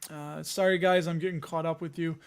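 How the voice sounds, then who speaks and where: A man's voice: on the high side, level tone, a little fast, clear, resonant tone. A man hosting a casual investing livestream, running through news with jokey asides. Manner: chatty, jokey asides while reading news items. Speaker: host of a dividend investing show.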